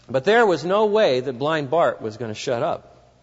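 A man's voice: fairly high pitch, sing-song, normal speed. A man preaching a sermon, telling a story vividly and speaking directly to his listeners. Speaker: pastor. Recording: dull lo-fi recording with long hall reverb.

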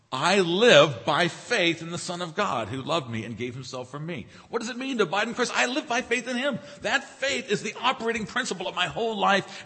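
A man's voice: a little high, fairly bright tone. A man preaching a sermon as pastor, emphatic, repeating key phrases and asking rhetorical questions. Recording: reverberant hall.

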